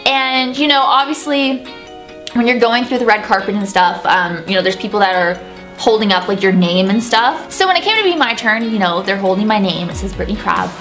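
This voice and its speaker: A woman's voice: mid-range voice, lively intonation, a little fast, a bit bright, soft background music. A young woman in her twenties talking to camera in a gushing, giggly, breathless way, tired after a night out. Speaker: vlogger. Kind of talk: casual chat to camera. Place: indoors at night after an event.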